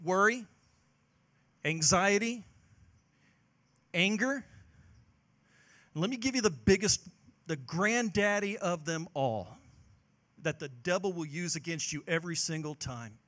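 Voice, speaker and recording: Passionately preaching a sermon, a male pastor uses a high, bright, forceful voice that moves between loud calls to action and quiet, earnest moments. He is expressive, a little slow, and leaves long pauses.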